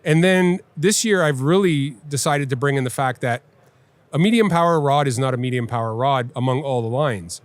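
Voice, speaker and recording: A man, a well-known angler and TV host, talking in a casual live podcast chat with an animated, emphatic, instructive way of telling stories. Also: medium pitch, normal speed, no echo. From Canada. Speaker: guest angler and TV personality. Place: busy fishing trade show floor.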